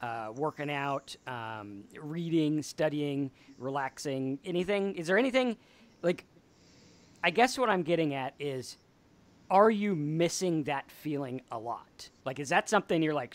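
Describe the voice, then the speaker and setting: A man's voice: a little high, unhurried. A man hosting a casual chat about staying sober, telling stories and acting out quotes. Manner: animated storyteller, acts out quotes. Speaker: podcast host.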